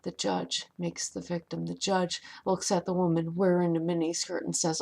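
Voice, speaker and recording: A woman's voice: lowish voice, flat delivery, moderate pace, vocal fry, darkish tone. A woman giving an impassioned motivational monologue, profane and emphatic, repeating lines for effect. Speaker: vlogger.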